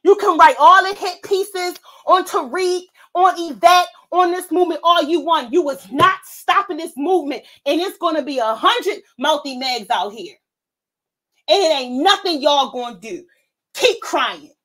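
Woman, high voice, heated rant, profane, confrontational vlog commentary. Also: a little slow, a bit bright. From United States. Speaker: vlog host. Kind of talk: ranting commentary monologue.

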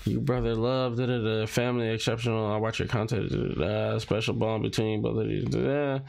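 A man's voice: on the low side, steady tone, fairly quick, vocal fry, darkish tone. A man casually reading social media posts and captions aloud, muttering and reacting as he scrolls. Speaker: commentary vlogger.

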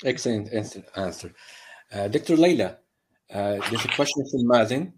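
A man's voice: medium pitch, lively intonation, moderate pace, background noise. Male moderator, reads audience questions, brief and polite.

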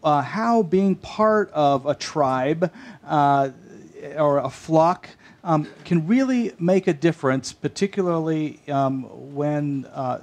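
Halting male talk-show host. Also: a little high. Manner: halting, many fillers. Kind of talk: hosting a faith talk show.

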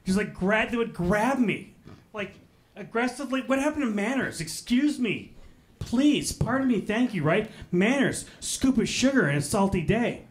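A man's voice: sits high, animated, moderate pace. A young adult man doing a stand-up comedy set into a handheld mic on a club stage, with exasperated, mocking, punchy rants. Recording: comedy club with audience laughter.

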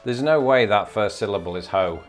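A man's voice: fairly low pitch, lively intonation, brisk, faint music behind. Playful Englishman sounding words out. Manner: playful, repeats words over and over sounding them out. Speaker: YouTube host. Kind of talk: casual vlog commentary.

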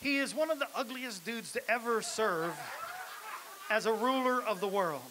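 A man preaching a lively sermon in a church, exhorting the congregation and building to shouts. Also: high-pitched, moderate pace. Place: church sanctuary. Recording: hissy live church recording.

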